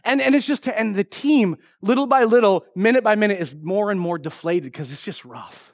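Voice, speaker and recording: A middle-aged male pastor preaching a sermon, telling a story with jokes and lively energy. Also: high-pitched, normal speed. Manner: animated, joking storyteller.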